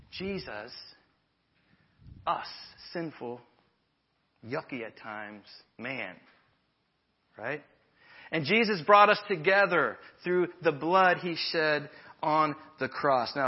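A male pastor delivers a sermon in a relaxed, conversational way, joking with his congregation as he goes. His voice sits a little high for a man. The recording is dull and lo-fi. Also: slow pace, pauses often, breathy edge. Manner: conversational preaching with humorous asides.

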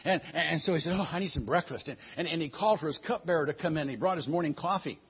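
A man telling a Bible story in an animated way, often repeating words as he goes. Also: on the high side, fast talker, husky. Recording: dull lo-fi recording.

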